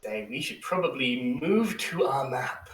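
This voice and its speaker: A man narrating a tabletop game as game master, relaxed, with frequent ums, slowing down for dramatic description. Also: mid-range voice, recorded from a distance. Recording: echoey room, off the mic.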